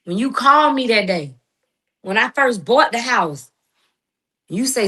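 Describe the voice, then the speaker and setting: A woman's voice: on the high side, expressive, moderate pace, pauses often, fairly bright tone. A middle-aged woman in a heated, emphatic monologue, confronting someone with slang and preachy turns. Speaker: guest responding to critics.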